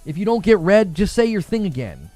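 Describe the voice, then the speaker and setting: A man's voice: sits high, huge pitch swings, brisk, warm tone, no room sound, soft background music. A man hosting a casual gaming livestream, reading chat and talking back to it, laughing often.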